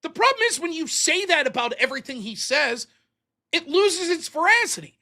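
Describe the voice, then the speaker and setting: A man hosts his own live-streamed commentary show, berating and mocking with heavy profanity. His voice sits high and bright, and it leaps around animatedly between near-shouts and low mutters. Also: very animated, normal speed. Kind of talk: ranting political commentary.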